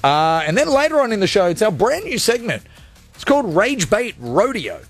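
A man's voice: sits high, very animated, normal speed. A man hosting a live radio show, talking in a jokey, rambling, self-mocking way. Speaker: radio host. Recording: studio with music underneath.

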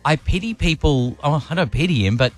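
Breakfast radio host, man, self-mocking jokes, animated delivery, light music bed. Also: on the high side, fairly quick. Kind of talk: casual radio banter.

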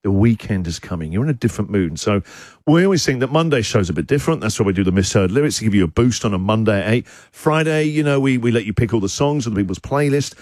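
Man, radio show host, energetic chat, lively swooping pitch, dry studio sound. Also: fast, no room sound. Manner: energetic, chatty, teasing.

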